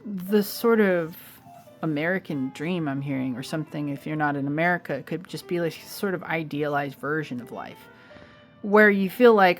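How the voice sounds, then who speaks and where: A woman's voice: deep voice, moderate pace, soft background music. A woman giving a casual pick-a-card tarot reading, chatting directly to her viewers and calling them babe. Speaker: tarot reader.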